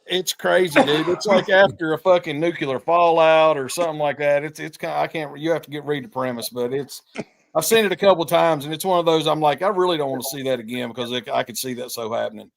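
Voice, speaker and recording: A man's voice: on the high side, quick pace, creaky. A man co-hosting a podcast in casual chat, rambling and profane as he tells stories. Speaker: podcast co-host.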